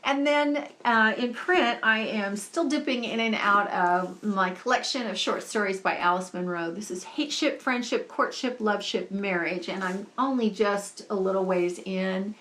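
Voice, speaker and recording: Chatty woman vlogging about her books, gushy and excited, casual talk. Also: medium pitch, measured pace, few pauses. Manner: chatty and enthusiastic, gushing. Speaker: book vlogger. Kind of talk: casual book-review vlog.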